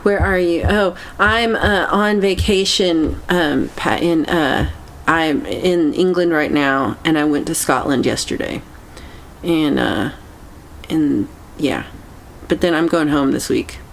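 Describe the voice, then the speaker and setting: A woman hosting a casual livestream chat, meandering and halting as she reacts to viewer comments. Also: low voice, creaky, slight background noise. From United States. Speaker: livestream host.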